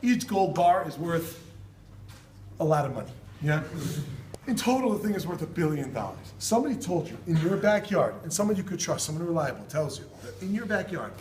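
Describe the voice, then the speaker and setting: A male rabbi speaking in a high, lively voice, joking and repeating key phrases to drive them home. He sounds distant from the mic, his voice bouncing around an echoey room over clear background noise. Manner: animated, jokey, repeats phrases for emphasis. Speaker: rabbi teaching students. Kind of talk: informal Torah talk.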